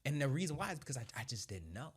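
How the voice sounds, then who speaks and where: A man in his thirties, a former Marine sergeant, telling his story in conversation with animated energy, frequent laughs and casual swearing. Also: mid-range voice, rapid-fire, breathy edge.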